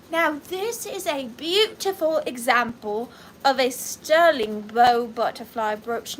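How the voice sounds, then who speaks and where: There's a little hiss or hum behind this woman's high, slightly bright voice as she hosts a live online vintage sale. Hailing from Georgia in the US, she chats and rambles happily, giggling and naming her viewers.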